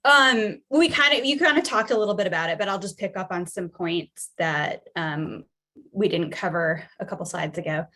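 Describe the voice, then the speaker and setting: A woman's voice: lowish voice, normal speed, sharp tone. A woman psychologist giving a conversational webinar presentation over a video call, often checking in with her listeners. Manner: conversational, keeps checking in with "right?".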